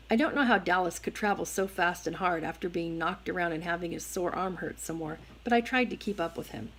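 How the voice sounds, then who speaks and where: A woman reading a novel aloud with a low-pitched voice and a steady, even delivery. She tells the story in first person, measured and plain. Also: breathy edge, rough recording. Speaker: reader.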